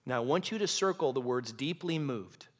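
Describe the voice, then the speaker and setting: A man's voice: medium pitch, lively intonation, normal speed. A male pastor preaching a sermon in a church, impassioned and building to dramatic intensity. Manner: acts out quoted lines in hushed and shouting voices. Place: church sanctuary.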